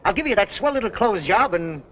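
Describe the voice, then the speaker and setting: An actor playing a brash, fast-talking used car dealer in a 1930s comedy film. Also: male voice, high-pitched, sing-song. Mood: brisk. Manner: brash salesman patter. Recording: dull 1930s film soundtrack, faint hiss.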